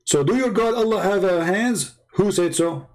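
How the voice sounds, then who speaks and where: A man hosts a livestream in a scornful, emphatic voice that sits somewhat high. His English is non-native, with broken grammar, and his voice sounds slightly hoarse. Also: animated, moderate pace. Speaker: host of a debate livestream. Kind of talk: livestream commentary while calling viewers.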